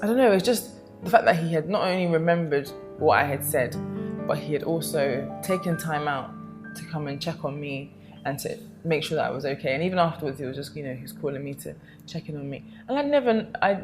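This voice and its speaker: A young woman speaks in a low, unhurried register. She chats casually and affectionately, looping back with fillers as she goes. Faint music plays quietly behind her. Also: animated. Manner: chatty, rambling, affectionate, many fillers. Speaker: vlogger. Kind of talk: casual to-camera chat.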